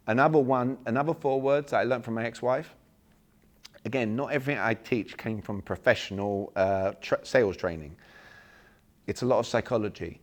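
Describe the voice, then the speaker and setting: A man, leading a live workshop and acting out sample messages for the audience. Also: mid-range voice. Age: 40s. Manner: animated, acts out sample messages, jokes with the room. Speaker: workshop speaker. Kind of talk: live seminar talk to an audience.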